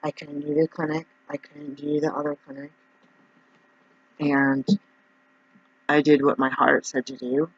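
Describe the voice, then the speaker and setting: Worried guy venting on his vlog, kinda high voice, flat dull lo-fi sound. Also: unhurried, pauses often, slightly rough. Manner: rambling, emotional and worried. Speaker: naturopath. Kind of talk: personal vlog monologue. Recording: dull, dry lo-fi recording.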